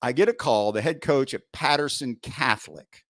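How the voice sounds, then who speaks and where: Middle-aged male coach, relaxed storyteller, mid-range voice, dry close sound; fits a podcast guest spinning old sideline tales. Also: mid-range voice, normal speed, no echo. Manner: lively storyteller, frequent "right?" asides, occasional swearing. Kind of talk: casual anecdote storytelling.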